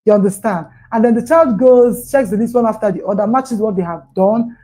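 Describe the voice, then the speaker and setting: On a parenting livestream panel heard over a remote call, a woman with a Nigerian accent speaks earnestly, repeating her words and adding coaxing asides. Her voice is on the high side, warm, and fairly quick, though the audio quality is poor.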